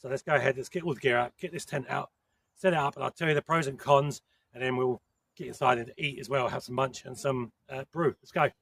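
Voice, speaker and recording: A man with a gravelly, fry-edged voice, talking bluntly through a camp setup for his outdoor vlog. He sits at an ordinary middle pitch, out in a woodland with faint ambience behind him. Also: fairly even intonation, quick pace, a bit bright, slight background noise. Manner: blunt, plain-spoken. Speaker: camping vlogger. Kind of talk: casual outdoor vlog talk.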